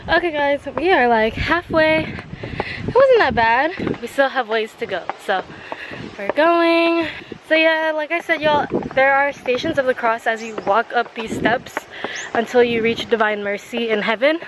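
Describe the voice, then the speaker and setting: A woman's voice: high voice, measured pace. A young woman talking casually to a handheld camera while walking outdoors at a farm, full of "like" fillers. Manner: chatty, lots of "like" fillers. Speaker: vlogger. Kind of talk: casual travel vlog narration. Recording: outdoor background noise.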